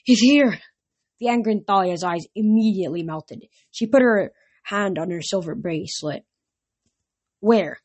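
A woman narrating a novel aloud in a steady storytelling manner. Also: on the low side, moderate pace. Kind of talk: audiobook narration.

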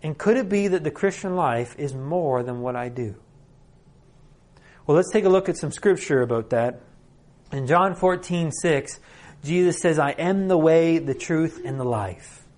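A man's voice: a little high, expressive, measured pace, darkish tone. Guy preaching at a conference, joking around, lots of questions to the crowd. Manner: conversational preaching with humor and rhetorical questions. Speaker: conference speaker. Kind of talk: sermon. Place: conference hall.

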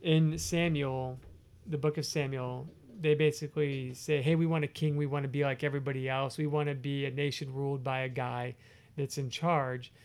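A man co-hosting a casual Bible study conversation, animated and playful, acting out quotes with voices. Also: mid-range voice, normal speed, creaky, clear, resonant tone. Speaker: podcast co-host discussing scripture.

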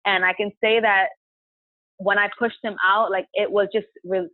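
Woman, podcast guest, casual storytelling, lots of "like", tinny phone sound, mid pitch. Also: level tone, moderate pace, no echo. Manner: chatty, heavy use of "like", retells her own past words aloud.

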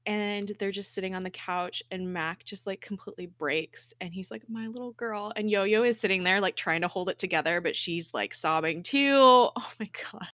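Speaking at normal speed with few pauses, this woman has a fairly low voice and no room sound around her. As a podcast co-host, she recaps a TV episode casually, animated, laughing often and at times tearful.

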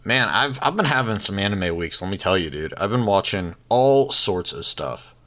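A man's voice: fairly low pitch, expressive, moderate pace, bright, forceful tone, faint music behind. A man co-hosting a casual podcast, talking in a laid-back way. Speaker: podcast co-host. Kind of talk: casual chat.

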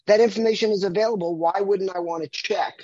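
A man's voice: high voice, quick pace. A man from the United States, a marketing consultant, talking animatedly as a guest in a casual interview, often restarting his sentences. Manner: animated, repeats words when restarting. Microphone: video call. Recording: dull lo-fi video call audio.

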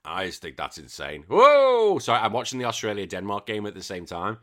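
Bright-voiced, excitable, swearing podcast host. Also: male voice, low-pitched, fast. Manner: excitable, swears freely, trails off quietly. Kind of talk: casual gaming news chat.

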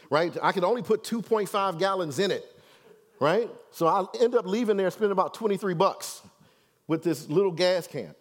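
Male pastor, storytelling sermon, chatty check-ins, somewhat high voice. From Detroit, USA. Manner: conversational, keeps checking in with "right?".

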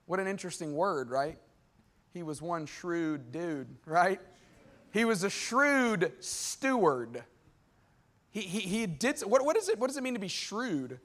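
High-voiced preacher, lively and chatty. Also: male voice. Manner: lively, conversational preaching with asides to the crowd; acts out characters in quick voiced exchanges. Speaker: pastor. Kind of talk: sermon.

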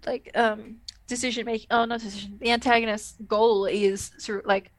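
A woman's voice: on the high side, flat delivery, fairly quick, no room sound. A woman co-hosting a podcast, chatting casually and rambling with lots of fillers and laughs. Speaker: podcast co-host. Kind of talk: casual chat.

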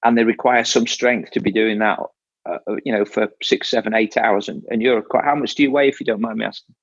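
A man's voice: fairly low pitch, steady tone, fairly quick, slightly rough, no room sound, lo-fi sound. A man coaching an athlete in casual talk, explaining step by step and often restarting his phrases. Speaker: triathlon coach.

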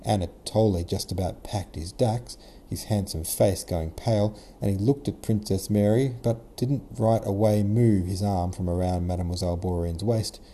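A man's voice: fairly low pitch, steady tone, moderate pace, hardly any pauses, warm tone, slight background noise. A man reading a classic novel aloud in a casual modern retelling, as the podcast host. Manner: casual modern retelling, occasional self-corrections. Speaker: podcast host and audiobook reader. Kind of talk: scripted narration.

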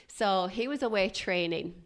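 A woman, a guest recounting a hard workplace experience in a candid, animated way. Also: medium pitch, normal speed. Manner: animated, emphatic retelling with bursts of loudness. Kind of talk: candid personal storytelling.

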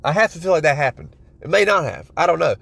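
A man's voice: a little high, expressive, quick pace, vocal fry, a bit bright, husky. A man giving a blunt, profane, casual monologue, talking like a shooting-sports commentator.

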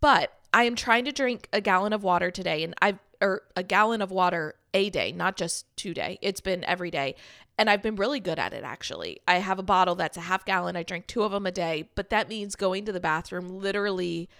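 A young woman from Texas co-hosting a podcast, telling stories in a chatty, animated way and laughing often. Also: fairly low pitch, a little fast, no room sound, clean studio sound. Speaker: podcast co-host. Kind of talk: casual chat.

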